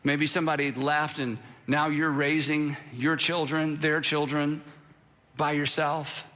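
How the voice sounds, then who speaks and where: A man preaching a sermon in a church sanctuary, talking in a conversational way and hammering points home by repeating them. His voice sits high and sounds bright and forward. The sound carries a long reverb from the hall. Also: little pitch movement, measured pace. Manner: conversational, self-deprecating, emphatic repetition. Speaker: pastor.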